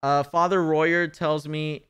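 A man's synthetic voice for a polite, calm talking rabbit in a game, speaking low, soft and measured. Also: smooth.

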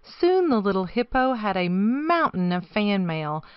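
A woman reading a children's picture book aloud with an expressive storytelling lilt. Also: medium pitch, a little slow, clean tone, no echo. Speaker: storybook reader. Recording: dry, slightly dull recording.

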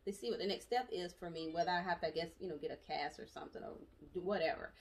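A woman's voice: fairly low pitch, racing, few pauses, noisy background. Brief: young adult woman, chatty storytelling vlogger, recorded a little far from the mic. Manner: chatty, animated, with frequent asides and laughs. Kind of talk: casual storytelling vlog. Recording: voice distant from the mic.

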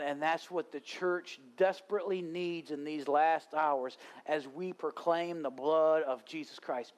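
A pastor delivers a sermon at a live church service, moving from storytelling into fervent preaching. His voice sits notably high for a man.

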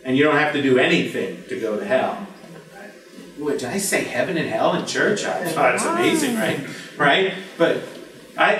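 A man preaching a lively, conversational sermon as pastor, joking with the congregation and breaking into shouts. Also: mid-range voice, recorded from a distance. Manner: animated, jokey, bursts into shouts. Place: church sanctuary. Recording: echoey church from the back.

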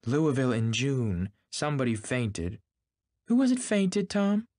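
A man voicing a lively, restless rich young woman who cries out in a high voice. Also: measured pace, dry recording, studio quality. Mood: plaintive.

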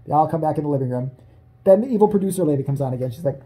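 A man's voice: on the high side, lively intonation, racing, warm tone. A man in a casual comedic rant who swears a lot, laughs often, and keeps jumping into voices. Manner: profane, laughing, jumps into voices. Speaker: vlogger.

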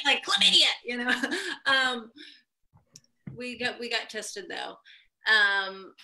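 A young adult woman telling a stand-up set over a video call, animated and profane, laughing through her stories. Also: high voice. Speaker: stand-up comedian.

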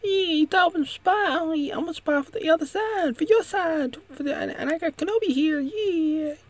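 A man doing a frantic falsetto spy woman. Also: moderate pace. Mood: pleading. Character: panicky woman double agent pleading.

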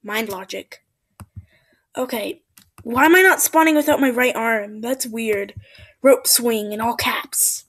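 High-pitched excitable gamer woman. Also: slow, slightly rough. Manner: excitable, yelps and frequent whispered asides. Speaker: gameplay commentator. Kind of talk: let's play commentary.

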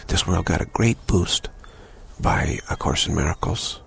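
Male spiritual teacher, deep gravelly voice, unhurried and repetitive. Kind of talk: spiritual talk.

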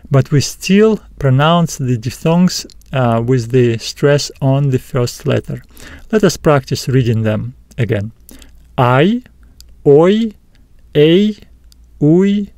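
Male teacher, a bit high-voiced, slow and careful, repeats each sound, dry close recording. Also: darkish tone, no echo. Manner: frequent "uh" fillers. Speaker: Greek teacher. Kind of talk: recorded video lesson.

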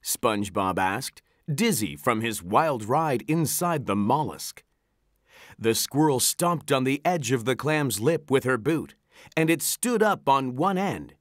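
Animated storybook narrator. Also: mid-range voice, measured pace, no room sound, studio quality. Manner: animated, expressive reading. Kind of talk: storybook read-aloud.

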